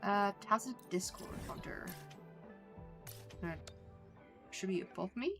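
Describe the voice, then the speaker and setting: A woman's voice: mid-range voice, slow, music in the background. A woman with an Irish accent casually commenting on her gameplay as a streamer, swearing freely and poking fun at herself. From Ireland. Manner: swears freely, self-mocking.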